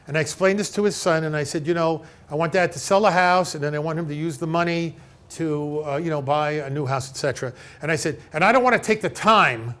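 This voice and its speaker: A man with a voice pitched a bit above most men's leads a seminar in front of a live audience. He tells his client stories with plenty of animation, acting out both sides of each conversation, and keeps checking that the room is following him. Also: fairly bright tone. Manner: checks in with the audience with frequent "okay?". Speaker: elder law attorney giving a seminar. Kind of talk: conversational seminar talk with retold client dialogues.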